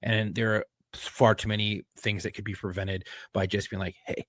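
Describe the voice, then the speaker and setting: A man's voice: fairly low pitch, flat delivery, normal speed, a bit bright, dry recording, studio quality. A man co-hosting a podcast, talking earnestly in casual chat and reading the outro, swearing often. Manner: earnest, profane, repeats himself. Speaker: podcast co-host.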